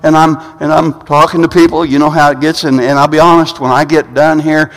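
High-voiced male pastor preaching in a reverberant hall. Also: level tone, a little fast, vocal fry. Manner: storytelling with many restarts and repeated words. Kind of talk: sermon. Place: church sanctuary. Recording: long reverb of a large hall.

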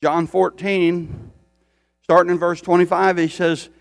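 A man's voice: high voice, little pitch movement, a little slow, gravelly, dry recording, soft background music. An older man preaching a sermon, repeating phrases for emphasis and building intensity as he speaks. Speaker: pastor.

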